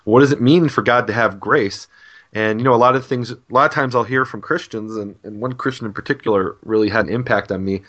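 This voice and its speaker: A man's voice: mid-range voice, fairly quick, a bit bright, muffled recording. A man, a guest author, earnestly explaining an idea in a podcast conversation, with frequent restarts.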